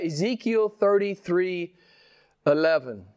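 A man preaching a sermon with passion, firing rhetorical questions and swinging widely between slow, emphatic lines and quick ones. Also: a little mellow. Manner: impassioned preaching, rhetorical questions, big swings in pitch and pace. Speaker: pastor.

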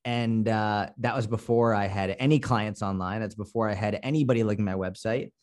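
A man's voice: fairly low pitch, steady tone, brisk, darkish tone. Blunt, cursing man with a Boston accent. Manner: blunt, profane, no-nonsense. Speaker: fitness coach guest. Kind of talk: casual podcast interview.

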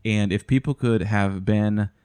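A man's voice: lowish voice, fairly even intonation, a little slow, darkish tone, clean tone. A man hosting a family podcast over a video call, joking and teasing his guests. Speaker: podcast host. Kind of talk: casual chat.

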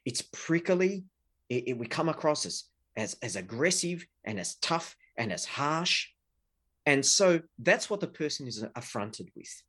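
A man's voice: a little high, very animated, unhurried, a bit bright, husky. A middle-aged man, a relationship researcher, explaining couple conflict earnestly with examples. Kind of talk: explanatory interview talk.

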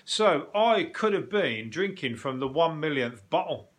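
Guy rambling thru a sweary story, chuckling, kinda high voice. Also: lively intonation, measured pace. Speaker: podcast host. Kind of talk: casual chat monologue.

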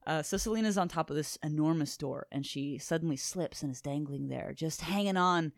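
A woman's voice: sits low, a little fast, gravelly, dry recording, studio quality. A woman co-hosting a podcast, enthusiastically recapping a comic book in casual chat and swearing now and then. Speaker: podcast co-host.

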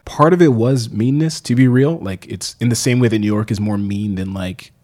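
Husky man telling stories casually. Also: on the low side, moderate pace. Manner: animated, swears freely, acts out quotes. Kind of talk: casual chat, storytelling.

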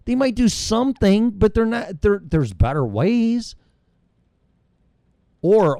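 A man's voice: high-pitched, very animated, slow, long pauses, warm tone, smooth, no echo, clean studio sound. A middle-aged man hosting his own show, delivering a heated, rambling monologue full of profanity. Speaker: show host. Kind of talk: ranting monologue.

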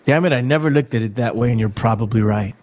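A man's voice: medium pitch, darkish tone. A man running a casual podcast chat, starting sentences over and doubling up his words. He keeps steering the talk to the next topic. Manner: halting, repeats words, laughs easily. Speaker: podcast host.

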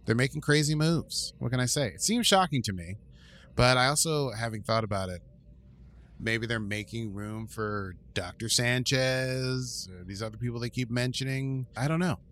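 Male co-host, lively casual recapper, voices the quotes as he tells it. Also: medium pitch, normal speed. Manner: animated, acts out quotes in voices. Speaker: podcast co-host recapping an episode.

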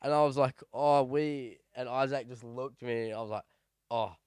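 Laid-back young man, smooth voice. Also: medium pitch, fairly even intonation, normal speed, darkish tone, no echo. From Australia. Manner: laid-back, laughs through stories. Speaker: podcast co-host. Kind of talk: casual storytelling chat.

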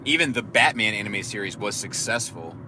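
A man's voice: on the low side, expressive, brisk, sharp tone, a little hiss or hum. A man talking casually in a car, rambling and swearing, with a self-deprecating edge. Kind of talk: casual chat.

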